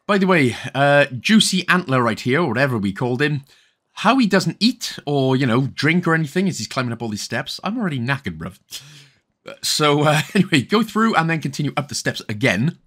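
A man's voice: a little high, sing-song, fairly quick, fairly bright tone. A young Welsh man giving casual, jokey, rambling commentary over a game walkthrough. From Wales. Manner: rambling, jokey, self-correcting.

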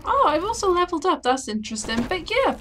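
A woman's voice: very high voice, very animated, fast talker, a bit bright, a little hiss or hum. A young woman giving casual, chatty let's-play commentary while she plays. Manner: chatty, giggly, self-talking. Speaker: gaming channel host.

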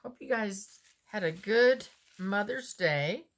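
A woman's voice: medium pitch, animated. A woman, chatting casually as she unboxes homemade soap and muses aloud. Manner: slow, chatty, musing aloud.

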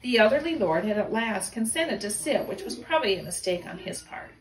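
A woman reading a novel aloud with lively expression. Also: medium pitch, moderate pace, roomy sound, poor audio.

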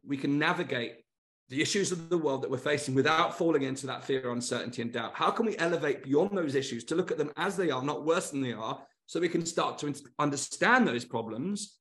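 A man's voice: on the high side, fairly bright tone. Earnest man hosting a motivational webinar. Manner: earnest, repetitive emphatic lists. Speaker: webinar host.

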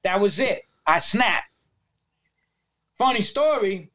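A man with a New York accent telling profane, animated stories as a podcast guest, acting out the voices of people he quotes. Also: high-pitched, slow. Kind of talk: storytelling in a podcast interview.

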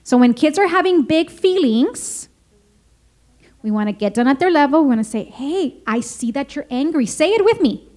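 A woman with a high voice presents a parenting workshop in a school meeting room. She keeps the audience involved with questions and drops into her English. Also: normal speed. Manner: lively, engaging, asks the audience questions.

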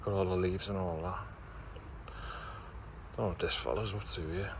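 A man's voice: low-pitched, fairly even intonation, moderate pace. A man with a Liverpool accent giving a chatty, blunt walking tour commentary outdoors as a vlogger. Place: outdoors on city streets. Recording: street traffic noise behind.

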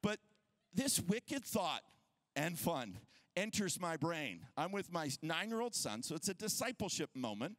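A man's voice: on the high side, measured pace, no room sound. A man in his thirties, a pastor telling a story in a sermon and acting out the voices of the people in it. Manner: animated, acts out quoted voices.

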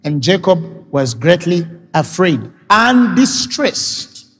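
A man with a high voice delivers a sermon, retelling scripture and pressing his points with emphatic rising questions. His voice rings with a long hall reverb, and faint music plays underneath. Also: very animated, slow, fairly bright tone, breathy edge. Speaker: pastor.

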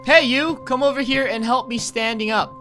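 A man's voice: extremely high pitch, moderate pace, sharp tone, soft background music, pitched above the performer's own voice. A young man reading out the lines of a bossy, impatient young girl on crutches from a video game.

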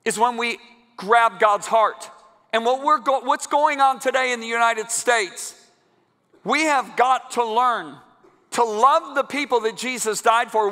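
A man preaching a sermon to a congregation in a large church, emphatic and building to loud climaxes. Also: extremely high pitch. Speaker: guest preacher. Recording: long church hall reverb.

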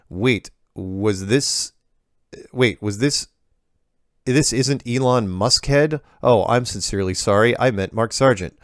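A man's voice: medium pitch, slow, dry recording, clean studio sound. A man hosting a show, reading viewer emails aloud and answering them in a casual, digressive way, often breaking off to comment.

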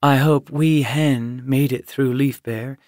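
A man's voice: medium pitch, fairly even intonation, slow pace, a little mellow, no echo, clean studio sound, pitched above the performer's own voice, lightly acted. Proud older queen cat in an audiobook, firm and dismissive; a male narrator plays her.

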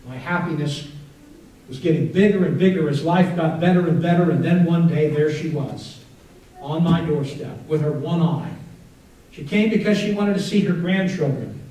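A male pastor preaching a sermon in a big church, his mellow, slightly raised voice carrying an earnest story. The room rings with heavy echo, and he sounds a bit off-mic. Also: on the high side, moderate pace, distant mic. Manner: earnest storytelling, drops to a hushed prayer. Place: church sanctuary.

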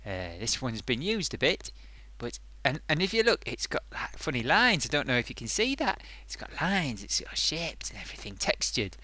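Man playing a sock puppet host, bright tone, bouncy pitch, dry close sound. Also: moderate pace, dry recording, full character voice. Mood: excited. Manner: animated, gushing, bumbling. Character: excitable male sock puppet reviewing makeup. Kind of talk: comic puppet review.

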